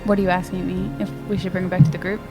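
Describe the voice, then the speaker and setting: A woman's voice: on the low side, level tone, rapid-fire, music in the background. A woman playing in a tabletop game, stepping out of character to ask questions. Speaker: player.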